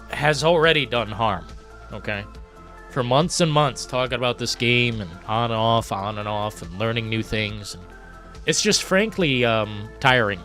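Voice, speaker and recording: A man hosting a live gaming stream, ranting with profanity, swinging from low muttering to loud outbursts. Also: animated, a little slow. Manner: reads chat messages aloud. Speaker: livestream host. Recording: faint background music.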